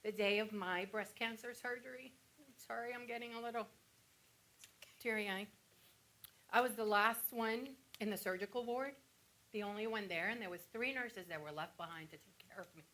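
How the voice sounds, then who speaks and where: An actress playing a wounded woman patient on stage who recalls cruel nurses, teary and halting with flashes of wry humor. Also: mid-range voice, fairly bright tone, close to an everyday voice. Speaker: stage actor playing a breast cancer patient. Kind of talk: theatrical monologue.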